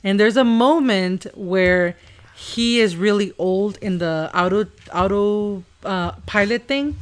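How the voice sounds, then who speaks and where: A woman in casual conversation with her child, mid-pitched and unhurried. She wanders through stories, teases gently and laughs often, with the loose feel of family banter on a podcast. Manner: rambling, laughs often, teasing. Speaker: podcast host and mother.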